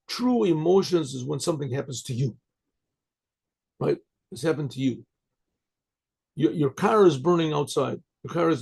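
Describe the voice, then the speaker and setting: An older male rabbi teaches Torah in a gravelly, husky voice pitched a little high. He moves between Hebrew phrases and their English meaning, restarts often and keeps checking in with his listeners. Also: a little mellow. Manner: translates Hebrew phrases into English, many restarts and rhetorical "right?". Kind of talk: Torah lecture.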